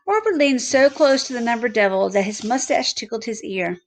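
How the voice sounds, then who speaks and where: A woman reading a children's book aloud, halting now and then with slips and restarts. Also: fairly high pitch, animated. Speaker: reader.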